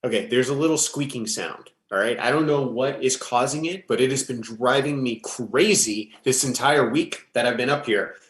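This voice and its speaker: A man's voice: medium pitch, moderate pace, few pauses, fairly bright tone, close to an everyday voice. A man playing a flustered space captain. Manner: rambling, distracted, self-correcting. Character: flustered male space station log keeper, procrastinating. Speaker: improv performer playing a space station host. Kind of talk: improvised sci-fi comedy. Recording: echoey room with faint music.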